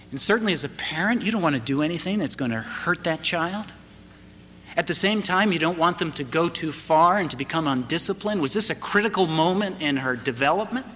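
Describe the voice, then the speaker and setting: A middle-aged man preaching a sermon, telling a family story slowly and deliberately, building to emphatic moments. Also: a little high, a bit bright, slight background noise. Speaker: pastor. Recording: reverberant hall, faint ambience.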